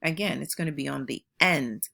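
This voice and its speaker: A woman teacher giving a phonics lesson to young children at home, modeling sounds slowly and praising them patiently. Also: sits low, vocal fry, bright, forceful tone, breathy edge.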